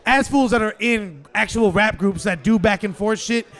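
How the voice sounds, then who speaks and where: A man co-hosting a casual podcast chat with animated, slangy, swearing banter. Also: high-pitched, normal speed. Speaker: co-host.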